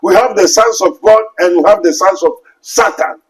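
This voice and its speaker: A pastor with a Ghanaian English accent preaches a sermon in a high voice at normal speed, quoting scripture and emphatically posing rhetorical questions. Soft music plays in the background, and the audio is poor.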